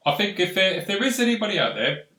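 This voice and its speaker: A man's voice: sits high, sing-song, quick pace, pushed and bright. A man hosting a live show over a video call, upbeat and inviting the audience to join in. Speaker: host. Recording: roomy echo.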